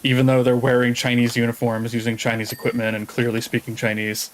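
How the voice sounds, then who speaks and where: A man streaming a game, chatting in a relaxed, rambling way and swearing casually. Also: medium pitch, fast, slight background noise, rough recording. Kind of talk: casual chat while gaming.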